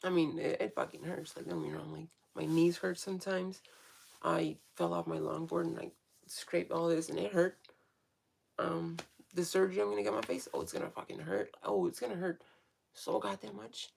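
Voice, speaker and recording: Woman with a very gravelly husky voice. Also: lowish voice, moderate pace, a little mellow. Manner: frank, swears freely, many fillers and restarts. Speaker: vlogger. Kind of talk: casual rambling monologue.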